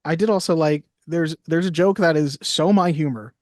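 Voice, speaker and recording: A man's voice: on the high side, normal speed, a little mellow, no room sound, studio quality. A man co-hosting a film podcast, chatting casually with a wry, joking manner. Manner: wry, jokey, quotes lines in little voices. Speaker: podcast co-host. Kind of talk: casual chat.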